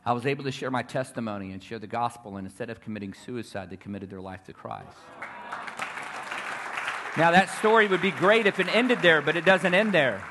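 A man's voice: mid-range voice, animated, brisk, pushed and bright. A man preaching a fervent sermon, telling stories and calling to the crowd for responses.

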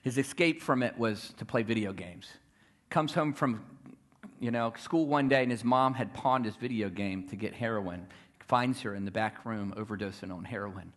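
A man preaching a sermon, telling a story and building to loud, repeated declarations. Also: lowish voice, moderate pace. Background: guitar music.

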